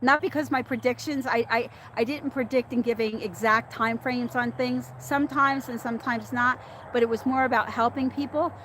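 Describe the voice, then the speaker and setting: A middle-aged woman hosts a relaxed livestream, talking straight to her viewers and laughing often. Her voice sits a little high for a woman, and a faint hum of noise runs underneath. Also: moderate pace. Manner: chatty, laughs often, talks back to commenters by name. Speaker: livestream host reading viewer chat. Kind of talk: casual livestream chat.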